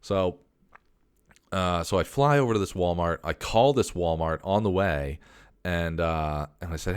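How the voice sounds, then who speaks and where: A man's voice: deep voice, unhurried, smooth, no room sound, studio quality. A man telling a long, exasperated story in casual podcast chat, swearing and restarting his sentences often. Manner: exasperated, profane rant with many restarts. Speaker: podcast host.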